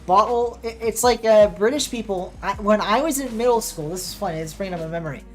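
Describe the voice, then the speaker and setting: A woman's voice: mid-range voice, quick pace, a little mellow, faint music behind. An American woman streamer chatting casually with viewers while playing and reacting to the match. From United States. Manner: chatty, reacting to gameplay and chat. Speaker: streamer and caster.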